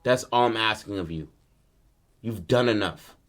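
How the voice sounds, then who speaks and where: A man's voice: fairly low pitch, moderate pace, lightly acted. A man voicing a stern middle-aged father who barks curt orders and curses at his son. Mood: angry.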